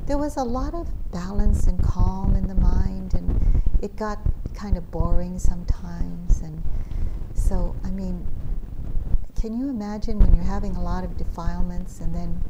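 Woman meditation teacher, low, gentle, reflective; recording with heavy hiss behind her. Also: a little slow. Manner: gentle, reflective, with soft laughs. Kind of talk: dharma talk at a retreat. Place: retreat center meditation hall. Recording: loud background noise.

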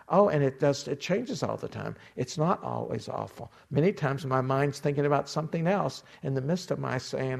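Gravelly, husky male meditation teacher. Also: mid-range voice. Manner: unhurried, reflective, acts out inner voices with gentle humor. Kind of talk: dharma talk.

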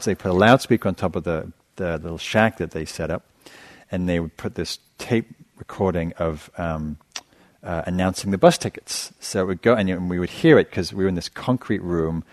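A middle-aged man, a meditation teacher, giving a dharma talk in a relaxed storytelling manner with self-deprecating humor. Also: deep voice, no echo. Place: meditation center hall.

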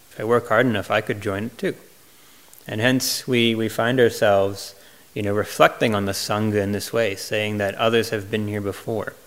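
Monk, male, low flat voice, unhurried retreat Q&A answers, reflective and hesitant. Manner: gentle, reflective, many fillers and restarts. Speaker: Buddhist monk answering questions. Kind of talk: retreat Q&A talk.

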